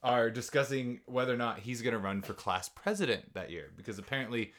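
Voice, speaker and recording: A woman's voice: very deep voice, animated, fairly quick. A woman co-hosting a podcast, recapping a show in casual chat with dry, wry comments. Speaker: podcast co-host.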